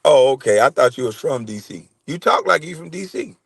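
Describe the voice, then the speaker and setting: A man's voice: medium pitch, animated, fairly quick, gravelly, husky, dry recording. A man, hosting a casual livestream and bantering loosely with chat, swearing and laughing. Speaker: livestream host.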